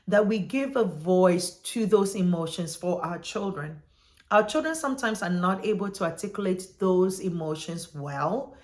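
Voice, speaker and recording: A parenting educator teaching parents in a talk, checking in with listeners and asking them to look back at their own childhood. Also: mid-range voice. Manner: checks in with listeners with "right?" after points; asks listeners reflective questions.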